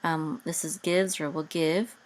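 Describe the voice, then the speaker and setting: Teacher: a woman with a lowish voice, unhurried and patient, pausing often, breaking into sung chant, on a video call. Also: steady tone. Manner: patient, hesitant with many ums, chants words in a sung tone. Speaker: Hebrew teacher. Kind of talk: online class teaching Hebrew reading and chanting.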